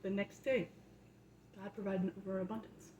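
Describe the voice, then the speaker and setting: A woman's voice: mid-range voice, little pitch movement, normal speed, darkish tone, lo-fi sound. Chatty young woman in an echoey room. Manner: chatty, keeps asking "right?", grows fervent and emphatic. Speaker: vlogger sharing a faith testimony. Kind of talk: casual testimony turning to preaching. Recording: echoey room, faint background noise.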